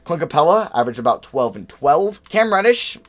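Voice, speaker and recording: A young man talks through a video game in casual commentary, his pitch swinging widely between flat musing and sudden excited jumps. He thinks aloud, reacts quickly, and keeps an easy, chatty flow at a desk mic. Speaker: gaming YouTuber.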